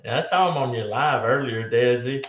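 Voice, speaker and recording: A man's voice: medium pitch, moderate pace, noisy background. Easygoing guy asking questions, lots of mm-hmms, echoey room. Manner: brief backchannels, chuckles. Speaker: live stream panelist. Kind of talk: casual chat.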